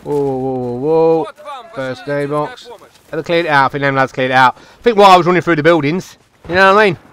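Excitable gamer, slightly high voice. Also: male voice, brisk, clean tone. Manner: excitable, chatty, talks to himself and teammates. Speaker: gaming channel host. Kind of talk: live gameplay commentary.

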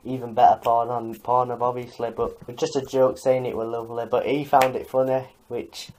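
A man's voice: medium pitch, completely flat delivery, fairly quick, a little mellow, poor audio. Mock-indignant young man. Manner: mock-indignant, swearing, jokey. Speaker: YouTuber reacting to a video. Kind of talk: casual reaction commentary.

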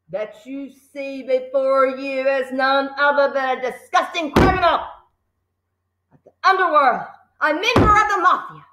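A woman voicing a brutish, bullying headmistress who barks and shouts insults in a high, strained voice. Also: reverberant, poor audio.

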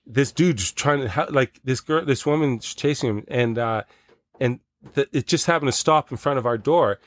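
Profane, animated man telling stories. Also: medium pitch, normal speed. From Canada. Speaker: podcast guest. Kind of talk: casual chat.

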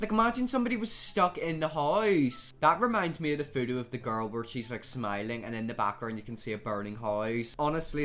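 A man's voice: medium pitch, a bit bright. A young man, chatting and ranting casually as he reacts to short videos. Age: young adult. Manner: chatty, ranting, often exasperated.

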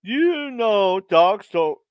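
Slow-talking man chuckling at his own puns. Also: sits high, very animated, no echo, dull audio. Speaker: live stream host telling jokes. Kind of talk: casual live stream joke telling.

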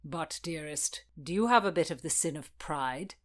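A woman voicing a pious, self-important young nobleman in a storybook reading, smooth and pompous. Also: deep voice, expressive, normal speed. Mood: smug.

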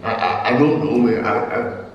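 A man's voice: fairly low pitch, normal speed, muffled recording, close to an everyday voice. This is a shifty Scottish dealer, which a man acts out, rambling and dodging questions in a mumbling voice with a lisp he admits to. He sounds a long way from the mic. The room rings with strong echo and a long tail. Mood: distrustful. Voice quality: claims a lisp. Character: shifty Scottish male dealer, young adult. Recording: echoey room from far off, faint music.

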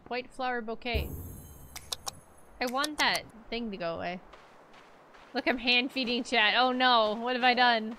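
A woman's voice: on the high side, measured pace, pauses often. A woman streaming a game live, chatting casually to herself and her chat as she plays, into a desk microphone at home. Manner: chatty, talks to herself and chat while playing. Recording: clicky background noise.

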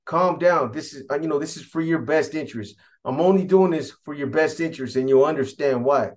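A composed female defense attorney, as a man quotes her, softly insisting that her client stay quiet and hear her out. The delivery is hushed and pleading. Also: a little high, a little fast, lightly acted. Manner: soothing, pleading for calm.

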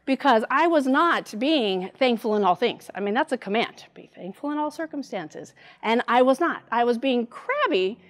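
A middle-aged woman giving a devotional church talk, telling a personal story in an animated way. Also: fairly high pitch, moderate pace, few pauses. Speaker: church speaker.

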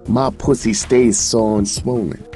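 A man's voice: on the low side, steady tone, unhurried, dark tone, voice pushed up, natural voice. A man voicing a defiant young woman who is fed up with her pimp, in an audiobook reading. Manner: angry, defiant. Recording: distant mic, faint music.

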